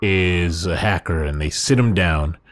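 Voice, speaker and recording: A man co-hosting a casual podcast, joking and acting out bits in quick bursts. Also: sits low. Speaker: podcast co-host. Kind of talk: casual chat.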